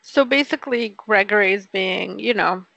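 A woman's voice: mid-range voice, normal speed, vocal fry, bright, forceful tone, no room sound, lo-fi sound. A woman casually retelling an episode's plot, quoting the characters' lines. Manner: chatty retelling with quoted lines. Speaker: podcast co-host recapping a show. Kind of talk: casual chat.

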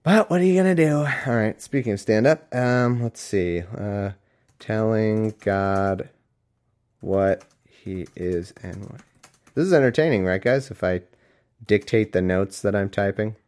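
A young man reading scripture aloud and mocking it in casual, sarcastic solo commentary, going from loud bits to mumbled asides. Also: medium pitch, lively intonation, moderate pace.

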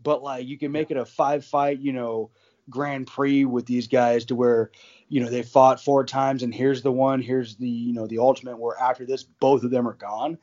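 A man's voice: mid-range voice, level tone, normal speed, darkish tone, lo-fi sound. Rambling man in casual sports chat. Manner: rambling, many fillers and restarts, laughs often.

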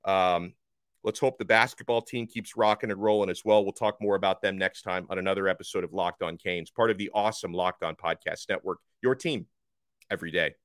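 A man hosting a solo sports podcast, talking fast and with enthusiasm. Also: deep voice, steady tone, fairly bright tone, dry recording.

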